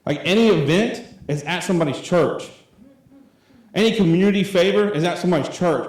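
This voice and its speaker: A man's voice: sits high, a little fast, darkish tone. Rambling young man preaching in an echoey hall. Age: 20s. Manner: rambling and conversational, full of fillers. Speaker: youth pastor. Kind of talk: sermon. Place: church hall. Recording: very echoey church room.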